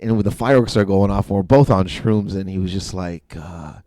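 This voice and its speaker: A man's voice: deep voice, a little fast, dark tone. A man in his forties from Windsor, Canada, a podcast guest telling a story in casual chat and acting out other people's lines.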